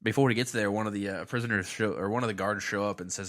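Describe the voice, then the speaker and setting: A man talks at a quick clip in a lowish voice, co-hosting a relaxed podcast. He jokes around and acts out snippets of scenes as he retells them. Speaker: podcast co-host. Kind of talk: casual chat recapping a cartoon episode.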